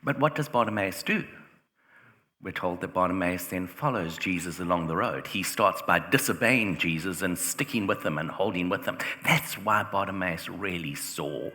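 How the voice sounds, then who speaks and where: Low-voiced man preaching in a reverberant hall. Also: moderate pace, sharp tone. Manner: conversational, uses "like" often, rhetorical questions. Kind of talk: sermon. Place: church hall.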